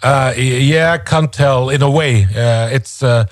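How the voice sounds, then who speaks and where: A man hosting a casual podcast chat, often pausing to find his words. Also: mid-range voice, dry recording, studio quality. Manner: hesitant, many pauses for words, animated when telling jokes. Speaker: podcast host.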